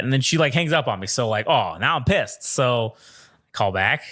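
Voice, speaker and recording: A man co-hosting a podcast, telling a story in an animated, profane way and laughing often. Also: mid-range voice, moderate pace. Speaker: podcast co-host. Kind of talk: casual storytelling chat.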